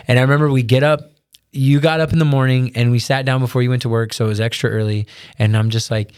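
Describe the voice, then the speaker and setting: A man's voice: medium pitch, fairly even intonation, brisk, clear, resonant tone. A man co-hosting a casual chat, earnestly retelling a family story and quoting his own thoughts. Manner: earnest, retelling with quoted self-talk. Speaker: podcast co-host.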